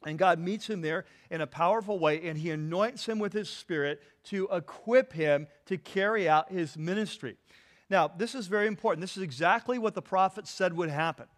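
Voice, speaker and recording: A male pastor preaching a sermon, his voice sitting a little higher than most men's. He talks earnestly, doubles back on words as he thinks, and pauses to let the congregation call out the next word. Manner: earnest, repeats words, asks the congregation to fill in words.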